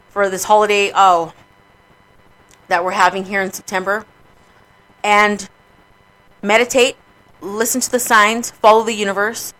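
Casting: woman radio host, bright, blunt, swears freely, casual chat. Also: medium pitch, poor audio. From New Mexico, USA. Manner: candid, profane, emotional about grief.

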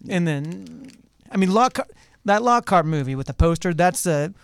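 A man who is a guest actor, talking casually in an interview, relaxed and chatty, laughing now and then. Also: sits high, moderate pace, gravelly, smooth, no echo, clean studio sound.

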